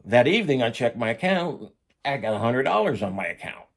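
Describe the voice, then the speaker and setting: A man's voice: medium pitch, sing-song, a little fast. A man casually telling a story about his own past, blunt and profane in a conversational way.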